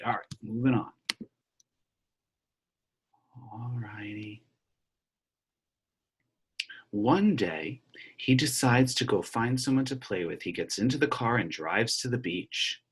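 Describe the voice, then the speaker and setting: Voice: medium pitch, fairly bright tone, husky. An elementary music teacher reading a picture book aloud in an online lesson and chanting a clapped rhythm.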